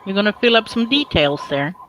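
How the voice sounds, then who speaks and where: A woman's voice: mid-range voice, big pitch swings, fairly quick, a bit bright, slight background noise, low-quality recording. A woman from Sweden, chatting casually and teasingly on a livestream, giggling often. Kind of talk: casual chat.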